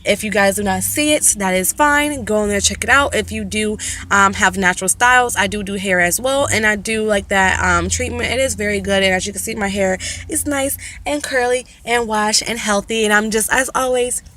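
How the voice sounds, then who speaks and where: A young woman talking casually to camera in her own vlog, animated and opinionated, often restarting with fillers. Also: medium pitch, normal speed, slight background noise. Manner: animated, mimics slang in a raised voice. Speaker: vlogger.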